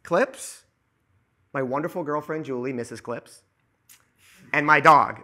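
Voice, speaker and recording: A man talking as a podcast guest in casual chat, ranting in an animated, profane way. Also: on the high side, unhurried, pauses often.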